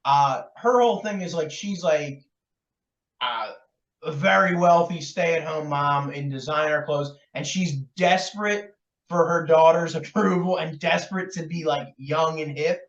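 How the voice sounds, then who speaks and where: High voiced guy rambling casually on a podcast, dull lo-fi sound. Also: unhurried, a bit bright. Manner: loose and chatty, many fillers and laughs. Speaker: podcast co-host. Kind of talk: casual chat about a film. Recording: roomy, distant, dull lo-fi sound.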